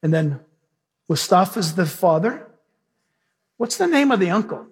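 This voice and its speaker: A man's voice: high-pitched, very animated, a little slow, slightly rough. A pastor preaching a sermon to his church, moving from storytelling into fervent prayer with repeated praise. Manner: preaching with rising emphasis and prayer.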